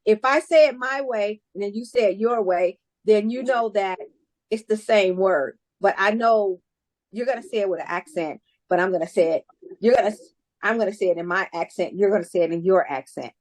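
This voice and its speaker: A woman's voice: medium pitch, no room sound. A woman English teacher answering students' questions in a classroom, talking casually and encouragingly with many restarts.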